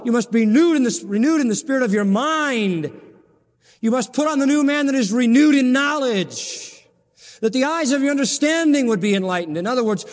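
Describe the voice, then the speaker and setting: A man preaching a sermon as pastor, pleading and impassioned, with his pitch climbing sharply at the high points. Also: in a large hall.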